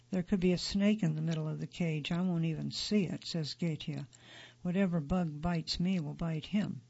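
A man reads a magazine feature aloud in a steady, neutral way. His voice sits high and carries a gravelly edge. The recording is dull and lo-fi. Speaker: article narrator. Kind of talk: scripted narration of a magazine feature.

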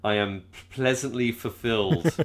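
A British man co-hosting a podcast in casual chat, halting and often repeating his words as he thinks aloud. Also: medium pitch, lively intonation. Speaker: podcast co-host.

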